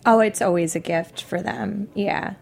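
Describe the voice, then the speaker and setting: A woman's voice: medium pitch, unhurried, creaky, darkish tone, slightly rough. Playful woman chef guest. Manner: playful, joking. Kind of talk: casual chat.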